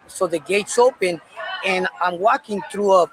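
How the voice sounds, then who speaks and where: A man casually telling a personal story in a candid, profane, animated way. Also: high-pitched, moderate pace, background noise.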